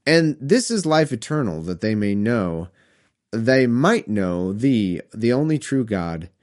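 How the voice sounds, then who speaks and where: A man reads old scripture in a slow, drawn-out way, then slips into dry, self-mocking jokes. His voice rises and falls a great deal and sits at an everyday male pitch. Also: very animated, a little mellow. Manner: slow, drawn-out reading broken by wry, self-mocking riffs. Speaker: comedic scripture reader. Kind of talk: reading scripture aloud with joking asides.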